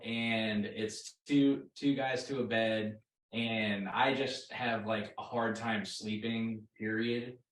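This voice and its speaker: A young man, a rock band member, casually telling a road story with lots of fillers, restarts and laughs. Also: mid-range voice. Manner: rambling, full of fillers and restarts, laughing at his own story. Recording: roomy echo, mic at a distance.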